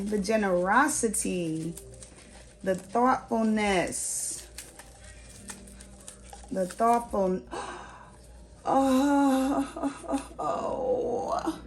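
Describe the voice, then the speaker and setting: Woman, vlogger at home, unhurried exclaiming unboxing voice, faint hiss underneath. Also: mid-range voice. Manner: gushing, exclamatory, repeats herself. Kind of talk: unboxing vlog.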